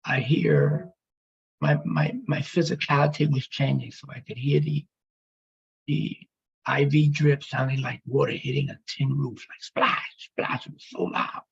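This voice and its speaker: Male speaker, rough gravelly rasp, halting emotional testimony, muffled sound. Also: mid-range voice, steady tone. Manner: halting, emotional, with pauses and restarts. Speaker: speaker telling his near-death story.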